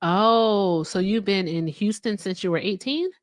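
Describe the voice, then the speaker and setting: A woman's voice: medium pitch, a little slow, no echo. Woman, livestream host, playful and teasing, close dry sound. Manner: playful, teasing, laughs often. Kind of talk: casual live-stream chat.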